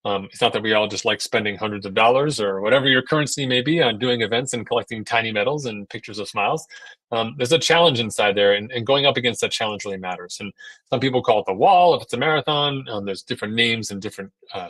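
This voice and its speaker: A man coaching endurance athletes in a relaxed seminar talk. He speaks at a middling pitch, looping through fillers and repeated words as he works out his point. The sound is dry and close, with no room around it. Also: fast, no echo. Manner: acts out voices in quoted asides.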